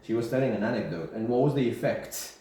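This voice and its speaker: A man's voice: mid-range voice, lively intonation, fast, mellow. Man teaching grammar in an echoey room. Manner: repeats key terms, checks with "yeah?". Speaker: English teacher. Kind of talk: classroom grammar lesson. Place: classroom with students. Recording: very echoey room, faint background hiss.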